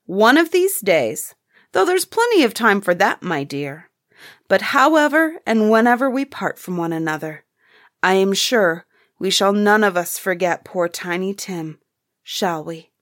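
A woman reading the part of a gentle, grieving father of a humble family, earnest and softly emotional, at a slow pace. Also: medium pitch, expressive, dry recording, clean studio sound, lightly acted. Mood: tender. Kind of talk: audiobook character reading.

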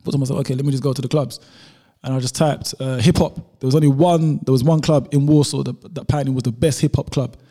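A laid-back London man, a YouTuber, tells a travel story in casual chat, his voice medium in pitch, steady, fast and dark. He keeps dropping slang asides, sprinkling in "bro" and "whatever" as he goes.

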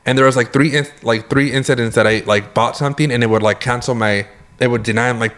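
A young Californian man co-hosts a podcast, talking fast in a medium-pitched voice. In casual chat he tells stories with animation, acting out his own reactions and swearing freely.

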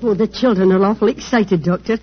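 A woman's voice: mid-range voice, brisk, over music, lightly acted. A woman playing Mrs. Hudson, a fussy, motherly landlady, in a 1940s radio drama. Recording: dull 1940s radio broadcast.

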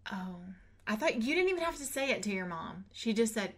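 A woman's voice: a little high, big pitch swings, brisk, fairly bright tone. A woman in her twenties, a podcast host, telling a story in casual chat, laughing often and acting out quotes. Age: 20s.

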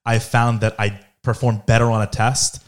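A man in his twenties chatting casually, frank and relaxed, swearing freely. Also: medium pitch, normal speed. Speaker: co-host, law school applicant. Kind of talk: casual family chat.

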